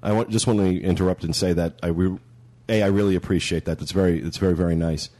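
A man's voice: low-pitched, steady tone, fast talker, dark tone. A man hosting a podcast in casual chat, talking in a chatty, rambling way. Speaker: podcast host.

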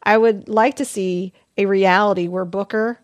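A woman's voice: mid-range voice, fairly even intonation, moderate pace, no echo, clean studio sound. A woman co-hosting a gaming podcast, reading listener emails aloud in a chatty, giggly way with small stumbles. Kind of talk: casual podcast chat.

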